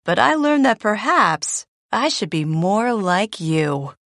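A woman's voice: mid-range voice, big pitch swings, takes it slowly, fairly bright tone, dry recording, clean studio sound, heavily acted. A woman voicing a confident, proud adult male delivery bird in a storybook. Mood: gentle. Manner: confident, declaring.

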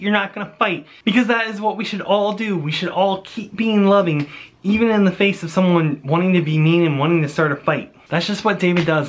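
A young man giving a playful Bible lesson for children, animated and jokey, talking straight to the kids. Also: sits high.

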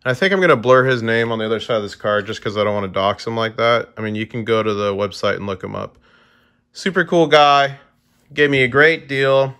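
A man's voice: medium pitch, brisk, fairly bright tone, smooth. A young man in casual chat with his viewers, easily amazed and talking to them directly as he sorts through coins. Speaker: coin collecting vlogger.

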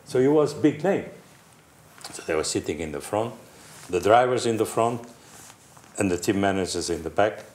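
Laughing often, an older man recounts a racing anecdote to friends on a panel, voicing characters and imitating crashes. His voice is fairly low, a little mellow and lively in intonation at a moderate pace, captured with roomy echo and faint background hiss.

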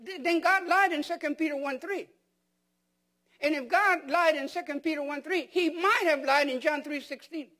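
A man's voice: extremely high pitch, normal speed, pushed and bright. A man preaching a sermon as pastor, firing rhetorical questions at the congregation and repeating words for emphasis.

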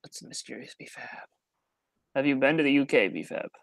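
A man's voice: mid-range voice, expressive, fairly quick, gravelly, no echo. A man hosting a livestream voice call, teasing his guest and fumbling with the call settings. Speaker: livestream host. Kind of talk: casual chat over a voice call.

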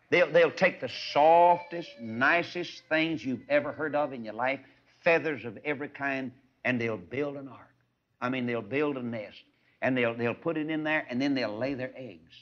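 A man preaching a folksy radio sermon, animated and swinging between loud and soft. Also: medium pitch. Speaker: evangelist. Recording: dull lo-fi archive radio recording.

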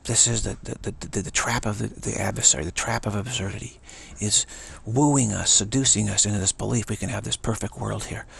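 A man's voice: fairly low pitch, steady tone, a little fast, hardly any pauses, a bit bright, slight background noise. A man giving an emphatic spiritual talk, often repeating and restarting words. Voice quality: gravelly and husky. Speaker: spiritual teacher.

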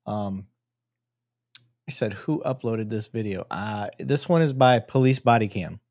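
A man's voice: fairly low pitch, a little slow, darkish tone, dry recording, studio quality. A man hosting a live stream and commenting casually on video footage, joking and swearing freely. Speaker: host.

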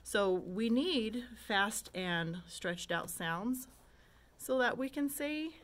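A woman's slightly high, expressive voice, a bit bright in tone, moves at a slow pace as she teaches phonics to kindergarteners. She patiently demonstrates and draws out letter sounds, then asks simple questions.

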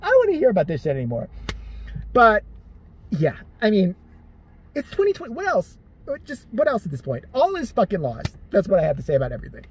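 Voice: medium pitch, huge pitch swings, brisk, a little hiss or hum. A vlogger ranting in profane, sarcastic, exasperated commentary.

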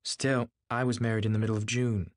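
A man voicing a lively, restless rich young woman who cries out in a high voice. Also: brisk, dry recording, studio quality, natural voice. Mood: plaintive.

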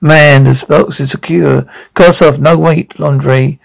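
A man reading aloud a TV drama script by himself, taking every part and calling out the sound cues in a flat read-through. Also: on the high side, slow, vocal fry, low-quality recording. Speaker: reader voicing a TV drama episode.

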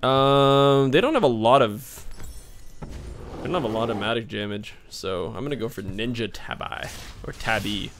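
A young man hosting casual gameplay commentary, excitable, swearing and laughing often. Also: mid-range voice, normal speed, noisy background. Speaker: gaming channel host.

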